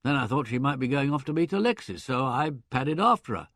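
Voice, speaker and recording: A man voicing a brash, hearty young Englishman in an audiobook, chatty and blustering, with loud laughs. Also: medium pitch, big pitch swings, a little fast, dry recording, clean studio sound. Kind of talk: audiobook character voice.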